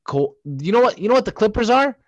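A man's voice: high-pitched, very animated, quick pace, no echo, muffled recording. A young man co-hosting a podcast, ranting heatedly and profanely in a sports debate. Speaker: podcast co-host.

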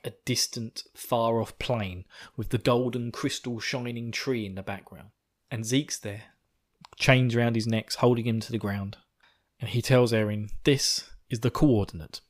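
A man's voice: mid-range voice, steady tone, a little slow. A man hosting a podcast, recapping an episode in a rambling, giggly way full of swearing, buzzing on coffee. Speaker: podcast host.

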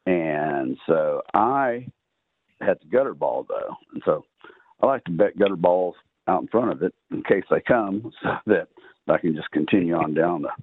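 A Texan-accented podcast guest with a deep, husky voice spins a long, rambling poker story at a moderate, animated pace, peppered with uhs and ums. There's no echo; the audio is dry and tinny, as over a phone.

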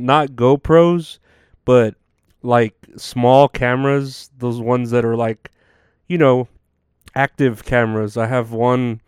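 A worn-out man talks through a casual solo podcast monologue, rambling and cursing freely, his speech full of fillers and restarts. His voice is smooth and resonant, and the sound is close and dry with no room around it. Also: mid-range voice, darkish tone, no echo. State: tired, yawning. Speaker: podcast host.

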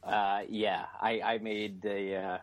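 Male co-host, lowish voice, deadpan banter. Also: slow, no echo. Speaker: podcast co-host. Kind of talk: casual podcast banter.

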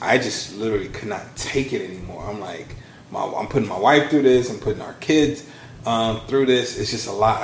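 A man in his thirties, a podcast guest telling his story in a casual, animated way. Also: roomy sound, a little hiss or hum. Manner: animated storyteller, acts out quotes with big pitch swings. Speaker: podcast guest, launch strategist.

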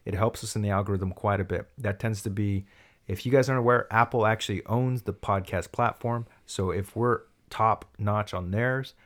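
A man co-hosting a casual podcast, telling joking stories and slipping into mock voices. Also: on the low side. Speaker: podcast co-host.

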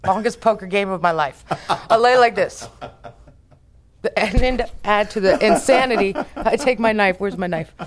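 An American woman, a business founder, telling a story as a podcast guest in a brash, profane, animated way. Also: mid-range voice, normal speed.

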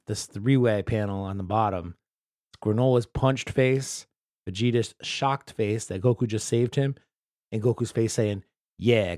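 A male podcast host talking casually on his own, rambling and swearing freely. His voice sits at a middle pitch and sounds dry and close on a podcast mic. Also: darkish tone, no echo. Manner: loose, profane and rambling.

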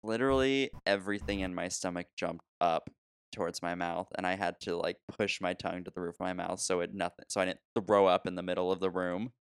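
A man spins a long anecdote in relaxed chat, laughing as he goes and circling back with restarts. His voice sits low and smooth. The sound is close and dry, with no room around it. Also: brisk, dry recording. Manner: animated, laughs often, trailing restarts. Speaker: podcast co-host telling a story. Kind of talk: casual storytelling chat.

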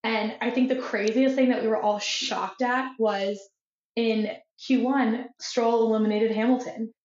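A young woman co-hosting a casual podcast chat, talking excitedly with lots of "like" fillers. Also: a little high, a little slow. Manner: chatty, many "like" fillers, excitable. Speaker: podcast co-host. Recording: echoey room, dull lo-fi sound.

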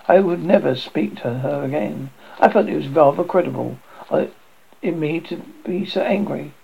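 A man with a gravelly, husky, slightly high voice reads a classic horror story theatrically at normal speed, his tone mellow. He stumbles and restarts now and then, and the audio's highs are cut off.

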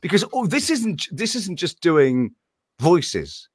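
A man's voice: fairly high pitch, takes it slowly, slightly rough, no room sound, studio quality. A man who works as a voice actor, talking casually in an interview in a room hung with animation art. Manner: animated, slips between impressions.

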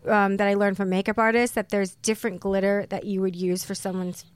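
A woman's voice: medium pitch, level tone, brisk, smooth, no echo. A woman guest on a comedy podcast, telling frank, bawdy stories in casual banter.

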